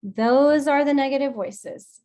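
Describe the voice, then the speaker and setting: A woman leading a guided emotional release session over a video call, speaking in a gentle, affectionate and encouraging way. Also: high-pitched, measured pace. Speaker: group session facilitator.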